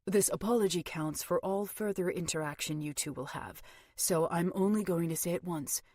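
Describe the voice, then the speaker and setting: A woman's voice: on the low side, normal speed, darkish tone, dry recording, studio quality, lightly acted. A woman voicing a forty-year-old former police officer turned investigator, speaking in a taut, confident way. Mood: wry. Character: confident middle-aged male ex-cop investigator.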